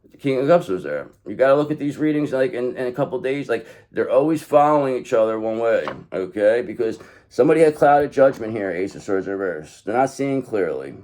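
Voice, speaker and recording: A man's voice: medium pitch, expressive, fairly quick, darkish tone. A man giving a casual tarot card reading, blunt and profane, rambling as he talks straight to the viewer. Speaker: tarot reader.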